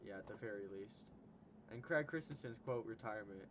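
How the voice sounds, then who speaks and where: A man's voice: on the low side, fairly quick, noisy background. A young man hosting a casual livestream, chatting with a guest, laughing often and retelling stories. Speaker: stream host.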